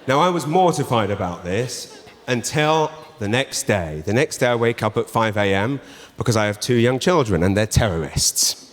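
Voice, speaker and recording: An English comedian in his thirties performs stand-up in a large theatre, telling a story animatedly and acting out its characters in a mid-range voice at normal speed. The audience laughs, and the recording is very noisy, with long, roomy theatre reverb.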